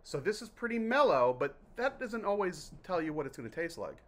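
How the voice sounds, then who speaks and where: Male vlog host from New Jersey, slightly high voice, loose jokey rambling delivery. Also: sing-song, brisk, a bit bright. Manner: chatty, jokey, self-interrupting. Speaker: vlog host reviewing mineral water. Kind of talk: casual rambling vlog talk.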